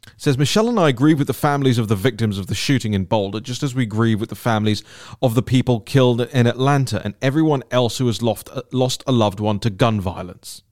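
A man's voice: medium pitch, fast talker, a little mellow, no room sound, studio quality. A man hosting a solo political commentary podcast, talking in an indignant, emphatic way and repeating words for stress.

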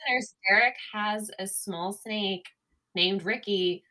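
A woman's voice: medium pitch, measured pace, bright, forceful tone. A woman co-hosting a podcast, telling rambling, chatty stories in casual conversation. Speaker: podcast co-host. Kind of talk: casual chat.

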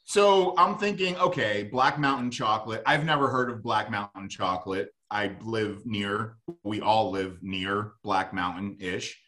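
A man's voice: lowish voice, a little slow, few pauses, sharp tone. A man co-hosting a local radio food show, chatting casually and rambling with lots of fillers.

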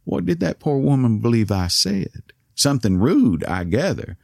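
A man with an East Texas accent telling a story in a soft voice whose words slur, courtly and wry. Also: mid-range voice, sing-song, normal speed, creaky, no echo, clean studio sound. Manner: courtly, old-fashioned and wry. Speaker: podcast host. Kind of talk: storytelling monologue.

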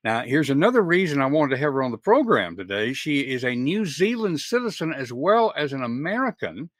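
A man's voice: mid-range voice, sing-song, a little fast, no room sound. Man, Southern US accent, middle-aged podcast host, folksy, restarts sentences, dry close sound. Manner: folksy, chatty, with frequent restarts. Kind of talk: casual interview chat.

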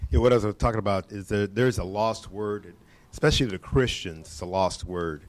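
A man in a church discussion group, speaking haltingly with many pauses. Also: on the low side, slight background noise. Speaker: group participant. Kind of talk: casual discussion.

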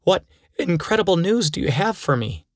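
A man doing an eager, high-voiced young boy. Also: sing-song, normal speed, no room sound, studio quality.

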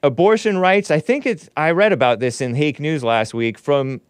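A man's voice: fairly high pitch, normal speed, clear, resonant tone, no room sound. A man hosting his own commentary show, reading news aloud and scoffing at it with sarcastic asides. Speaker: host. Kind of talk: opinionated commentary show monologue.

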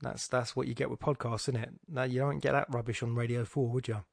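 Guy podcasting about poetry, thinks out loud, stops and restarts, jokes at himself, dry sound. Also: mid-range voice, fairly even intonation, a little fast, creaky, no echo. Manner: musing, thinking aloud with frequent restarts; wry, self-mocking asides. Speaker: podcast host. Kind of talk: spoken poetry analysis.

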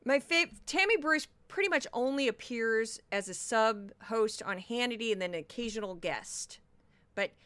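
A woman hosting her own podcast, chatting loudly and fast, and she calls herself loud and talkative. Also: a little high, no room sound. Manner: loud, fast, chatty, self-described obnoxious. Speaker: podcast host. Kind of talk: solo commentary podcast.

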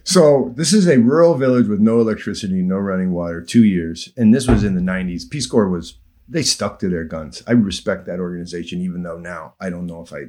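A man's voice: low voice, brisk. A man hosting a casual conversation, telling long anecdotes in an easygoing, sometimes emotional way. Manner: storytelling, drifting into soft emotional asides.

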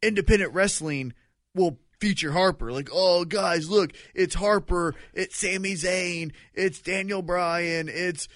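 A man's voice: high-pitched, unhurried, a bit bright, dry recording, clean studio sound. A man co-hosting a casual podcast, giving wry, opinionated takes with some profanity. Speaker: podcast co-host.

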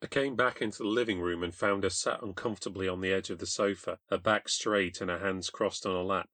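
British male narrator for a ghost story, low-pitched, dry booth sound, wry and confessional. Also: steady tone, a little fast, a bit bright, no room sound. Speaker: podcast host and narrator. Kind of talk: scripted first-person storytelling.

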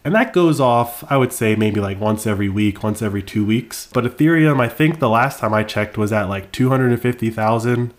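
A man co-hosting a casual podcast with his wife, explaining things in a relaxed way with dry teasing. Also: mid-range voice, fairly quick, few pauses. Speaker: podcast co-host.

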